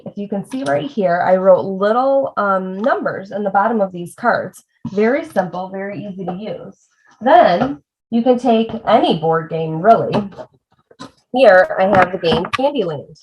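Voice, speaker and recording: A woman tutor walks parents through a reading game, stretching words apart sound by sound and speaking straight to them. Her voice sits at an ordinary middle pitch. The audio is a little dull and lo-fi. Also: lively intonation. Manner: demonstrating sounds slowly, addressing parents directly. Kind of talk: instructional video lesson. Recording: slightly dull lo-fi video audio.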